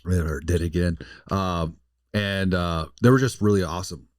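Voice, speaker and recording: A man's voice: low voice, steady tone, moderate pace, darkish tone, no room sound, studio quality. A young man with a cold, co-hosting a casual podcast, rambling and swearing as he searches for words. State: has a cold. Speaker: podcast co-host. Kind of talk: casual chat.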